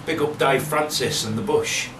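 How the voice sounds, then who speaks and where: A man's voice: medium pitch, moderate pace, crowd noise. A male comedian speaking earnestly in an interview. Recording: echoey room from far, clear noise.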